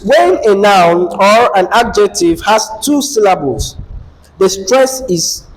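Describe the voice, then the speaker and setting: Slow-spoken man teaching a class. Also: high-pitched, big pitch swings, a little hiss or hum, poor audio. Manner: asks the class questions, repeats key phrases. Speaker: English teacher. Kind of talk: classroom lesson.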